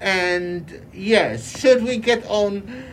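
A woman co-hosting a playful home show speaks very slowly in a mid-range voice, using a giggly, mock-posh put-on British accent. A little hiss or hum sits under the recording.

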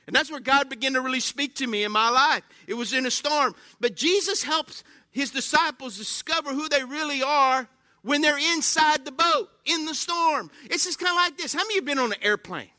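A man with a very high voice preaches a sermon briskly, telling stories animatedly, acting out exclamations, and frequently asking the congregation questions. The audio is clean studio sound with no room sound.

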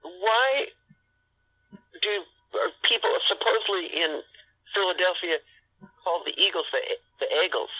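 Easygoing curious guy, bright husky voice, asks lots of questions. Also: sits high, lively intonation, unhurried, pauses often, poor audio. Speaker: podcast guest. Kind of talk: casual chat.

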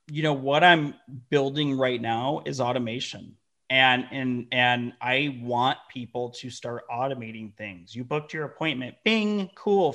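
A man, a company founder guest telling lively, profane stories in a casual interview. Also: medium pitch. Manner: animated, profane, acts out quoted dialogue.

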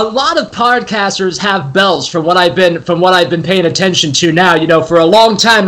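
A man from the West Coast chats as a podcast guest in a high, bright voice. He talks with eager enthusiasm and drops curse words casually. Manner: enthusiastic, chatty, swears freely.

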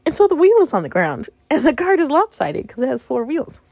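A woman's voice: high-pitched, big pitch swings, brisk, darkish tone, dry recording. A young woman in her twenties hosting a solo podcast, telling her own stories in a frank, exasperated way and often breaking into laughter. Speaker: podcast host. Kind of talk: casual monologue.

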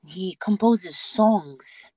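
A woman speaking as a podcast guest, telling stories about her child in an animated way, often restarting her sentences. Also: medium pitch, drawn-out words, no room sound. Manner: animated storytelling with many restarts and laughs. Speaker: podcast guest, mother and theatre actor. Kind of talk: casual interview chat.

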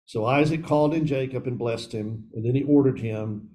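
A man's voice: mid-range voice, normal speed, mellow, poor audio. A man leading a men's Bible study, reading scripture aloud and commenting earnestly, calling his listeners guys.

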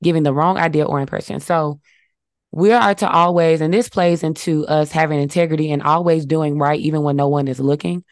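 Low-voiced woman co-host teaching scripture. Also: fairly even intonation, fairly quick, no room sound, studio quality. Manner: warm affirming, reads verses, teaches in numbered points. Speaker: podcast co-host. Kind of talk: casual faith talk with scripture.

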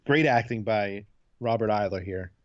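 A man's voice: on the low side, normal speed, no echo, highs cut off. A man chatting casually as a podcast host, rambling through a retelling of a TV episode and loosely acting out the quotes. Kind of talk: casual chat recapping a TV episode.

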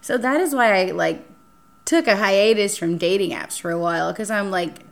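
A young woman hosting a casual podcast chat, telling a dating story with lively acted-out quotes and frequent swearing. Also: mid-range voice, moderate pace, creaky. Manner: animated, acts out quotes, swears freely. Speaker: podcast host.

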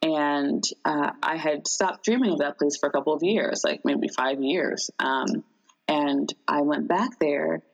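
A woman in casual chat, telling a long dream in a rambling, animated way with many fillers. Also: low-pitched, measured pace, creaky, lo-fi sound.

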